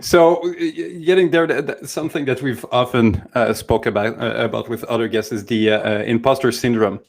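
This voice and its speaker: Halting man asking a question. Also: medium pitch, vocal fry. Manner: halting, stammering start. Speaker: co-host. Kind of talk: interview questions.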